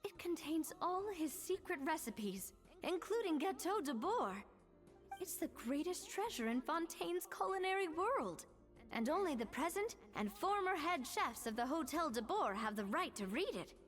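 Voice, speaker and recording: Brief: excited food enthusiast, bright high voice. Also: female voice, normal speed, in a large hall, soft background music. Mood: gushing.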